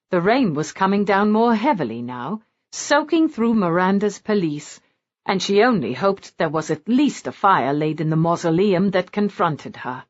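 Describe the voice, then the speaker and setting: Expressive woman narrating a romance. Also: fairly low pitch, normal speed. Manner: expressive, lively. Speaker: audiobook narrator. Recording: dull lo-fi audiobook recording.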